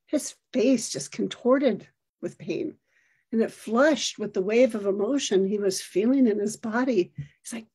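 A middle-aged woman telling a personal story in a reflective, measured way. Her voice is warm and soft, a little breathy, set fairly high. She describes each moment with care.

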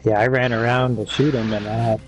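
A man in a gaming group calmly recaps a play, his voice sitting at a middle pitch. Game music plays clearly behind him. He talks in a relaxed way. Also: brisk. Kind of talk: casual gaming chat.

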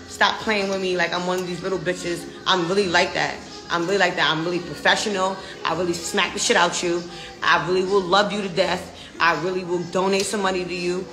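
A woman's voice: fairly low pitch, fairly even intonation, brisk, roomy sound, music in the background. An American woman ranting defiantly in a casual live video, brash and profane. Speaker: social media personality.

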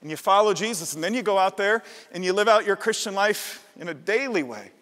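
A middle-aged pastor from the Midwestern United States delivers a passionate, emphatic sermon full of repeated phrases in a large church sanctuary. His high-pitched voice is expressive, brisk, and a bit bright, and the recording carries a long church-hall reverb.

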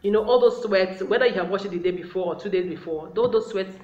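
A woman's voice: medium pitch, fast, darkish tone, faint music behind. A woman giving relationship advice to the camera in a casual, chatty way, often calling her viewers guys. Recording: roomy, slightly dull sound.

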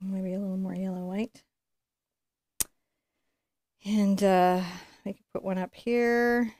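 This painting instructor talks slowly in a steady, medium-pitched voice with a touch of mellowness. Leading a live tutorial, she's chatty and encouraging, musing aloud while she paints, and the recording is dry.

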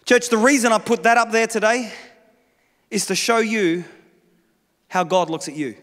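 A pastor preaches from a church stage, animated and funny, slipping into other voices to make his points. His voice sits very high for a man. The sound rings with the long reverb of a large hall. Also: moderate pace. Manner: animated, humorous, acts out voices. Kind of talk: sermon.

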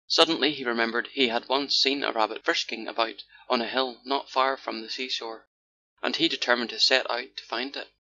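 A man narrating a children's fairy tale in a steady, measured storytelling manner, in a dull lo-fi recording with faint hiss. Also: mid-range voice. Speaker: audiobook narrator.

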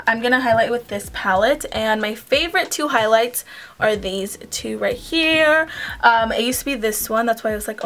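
A young woman talks through her makeup routine in a loose, rambling way, full of "like" and "um". Her voice sits a little high, and she sounds relaxed at home. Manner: chatty, rambling, uses "like" and "um" often. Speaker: beauty vlogger. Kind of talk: casual makeup tutorial.

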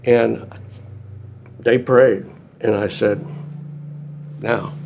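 An older veteran man telling a war story in an oral history interview, in a slow drawl. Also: mid-range voice, fairly even intonation, creaky, background noise. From United States.

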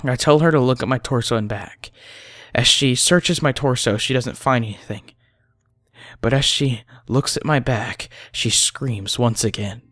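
Hushed male horror story narrator. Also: mid-range voice, a little slow, dry recording, clean studio sound. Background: faint music.

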